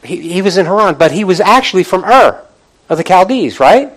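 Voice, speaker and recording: A male pastor preaching a sermon. He often restarts and repeats words, and he calls out to the congregation, rising in pitch and volume when he gets fired up. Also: lively intonation, brisk, a bit bright, poor audio.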